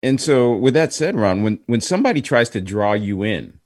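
A man's voice: medium pitch, sing-song, moderate pace, a little mellow, dry recording, clean studio sound. A man hosting a podcast, chatting and asking long set-up questions. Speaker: podcast host. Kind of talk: podcast interview.

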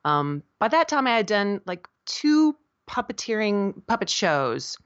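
A middle-aged woman from South Florida, a puppeteer and voice actor, telling stories as an animated interview guest. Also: medium pitch, measured pace, no room sound, dull audio. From South Florida, USA. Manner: animated storyteller, laughs often, jumps into quoted voices. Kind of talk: casual interview chat.

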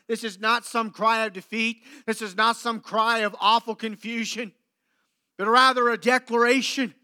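High, bright-voiced preacher, slow and emphatic. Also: male voice, steady tone, clean tone. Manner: swings between loud emphatic preaching and hushed low passages; slow deliberate delivery with dramatic pauses. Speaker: pastor. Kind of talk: sermon.

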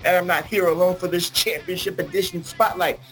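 A man hosting a casual podcast over a video call, excitable and theatrical, with grandiose self-introductions. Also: sits high, fairly quick, faint music behind, low-quality recording. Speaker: podcast host. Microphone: remote video call.

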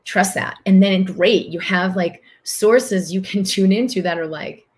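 A woman's voice: medium pitch, a little slow, a little mellow. A woman hosting a livestream who answers viewer comments as a spiritual coach, talking earnestly and repeating phrases for emphasis. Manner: acts out other people's voices in quotes.

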